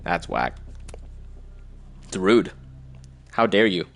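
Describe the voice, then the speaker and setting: A man's voice: sits low, sing-song, slow. A man doing casual live commentary on a game playthrough, reading in-game messages aloud and adding slangy quips. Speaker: streamer.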